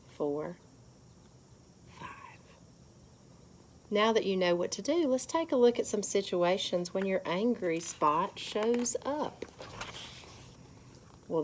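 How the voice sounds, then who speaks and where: A woman leading a children's lesson at church, gently guiding them through counting and calm breathing. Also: medium pitch, a little hiss or hum.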